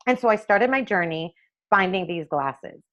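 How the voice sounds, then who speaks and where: A woman in conversation, an eye doctor recounting her path into designing frames. She speaks at a mid pitch, brings quoted exchanges to life as she tells them, and the recording sounds a little dull and lo-fi. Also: moderate pace. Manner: animated storyteller acting out quoted dialogue. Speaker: optometrist and eyewear maker, interview guest. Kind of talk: conversational interview storytelling.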